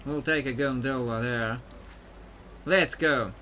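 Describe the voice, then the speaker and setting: A man's voice: medium pitch, slow, pushed and bright, a little hiss or hum. Miss Fortune, a man voicing her in a Southern drawl. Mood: determined. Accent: put-on Southern belle. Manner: determined, reading game dialogue aloud. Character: confident woman pirate captain hunting kidnappers.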